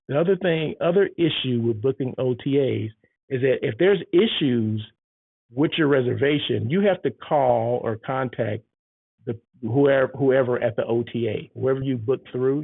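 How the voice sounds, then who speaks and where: A man's voice: medium pitch, vocal fry, slightly rough, no room sound. A man talking in a casual vlog monologue, chatty and frequently checking in with the listener. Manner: chatty, keeps checking in with "right?" and "okay?". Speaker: hotel site selection planner and vlogger. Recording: tinny phone-like sound.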